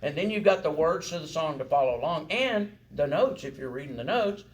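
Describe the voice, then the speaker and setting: A man's voice: fairly high pitch, lively intonation, fairly quick. Guy teaching church song leading, folksy and encouraging, keeps going "right?", bit of faint hiss. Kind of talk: congregational singing lesson.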